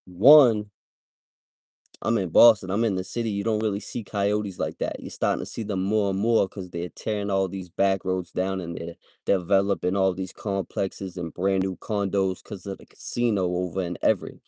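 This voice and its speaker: A man's voice: sits low, steady tone, normal speed, warm tone, no echo, clean studio sound. A man hosting a livestream, telling a story in a slangy, casual way and tagging "right?" onto his sentences. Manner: slangy, repeats "right?" as a tag. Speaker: livestream host.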